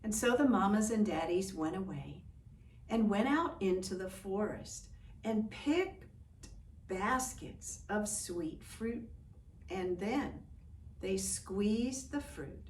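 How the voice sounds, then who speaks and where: A woman telling a folk tale for children, slow and expressive, inviting listeners to join in. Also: mid-range voice. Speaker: storyteller. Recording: echoey room, distant mic, faint hiss.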